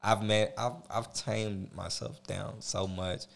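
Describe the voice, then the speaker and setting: A man's voice: fairly low pitch, fairly even intonation, takes it slowly, creaky. A man in casual chat who laughs often and reflects on his younger self.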